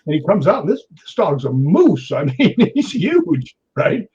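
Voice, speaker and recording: A man with a slightly high, husky voice tells an animated story as a guest on a talk show. He keeps checking in with his listener as he goes. The recording sounds dull and lo-fi. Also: unhurried. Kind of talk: telling a story in a chat show.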